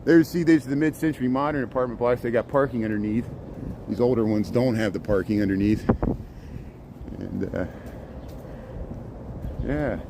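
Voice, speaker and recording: Middle-aged man, casual walking live-streamer, mid-pitched and rambling, phone mic outdoors with faint traffic hum. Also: moderate pace, gravelly, pauses often. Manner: rambling, chatty, greets viewers by name. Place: outdoors on a city street. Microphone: phone held while walking.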